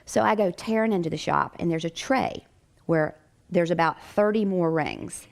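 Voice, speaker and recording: An American woman, a chiropractic doctor, telling a personal story in a lively way with frequent laughter. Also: lowish voice, moderate pace, vocal fry.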